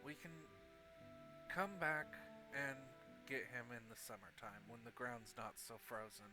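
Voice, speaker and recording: A man voicing a weary, grieving mother dog in a tabletop game, speaking softly and sadly over background music. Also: medium pitch, unhurried, close to an everyday voice, low-quality recording. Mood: gentle.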